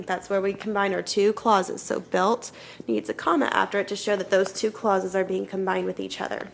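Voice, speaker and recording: Woman, elementary teacher, patient step-by-step explaining, mid pitch, faint background hiss. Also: level tone, normal speed, creaky. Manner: patient, explains step by step with frequent "okay?" checks. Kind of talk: classroom grammar lesson.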